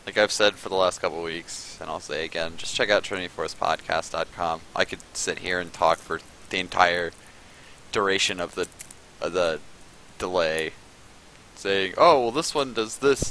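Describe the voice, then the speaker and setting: A man hosting casual commentary on a video game match, chatting and rambling in a relaxed way. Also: low-pitched, normal speed, a little hiss or hum, rough recording. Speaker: esports caster.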